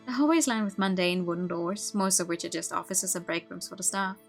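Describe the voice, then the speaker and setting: A woman streamer reading a visual novel aloud, with expressive narration and laughing asides. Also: fairly low pitch, fast, faint music behind.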